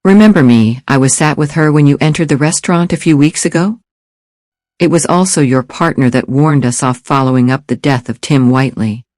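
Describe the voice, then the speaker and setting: A man voicing a suspicious, hostile former policeman who speaks bluntly and threateningly, pitched a bit higher and louder. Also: fairly quick, dry recording, studio quality, lightly acted. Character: tense, hostile male ex-cop, suspicious.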